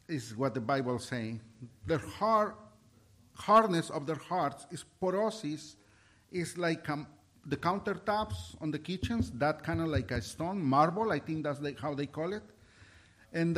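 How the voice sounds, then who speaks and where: Male pastor, fervent sermon delivery, stumbles and restarts, slightly high voice. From Mexico. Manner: impassioned, halting with restarts, swings between loud and soft. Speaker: preacher.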